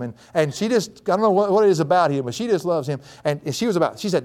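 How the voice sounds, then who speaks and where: A middle-aged man preaching a folksy sermon before a live audience, telling a family story and laughing often, his voice climbing high when excited. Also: fast, hardly any pauses.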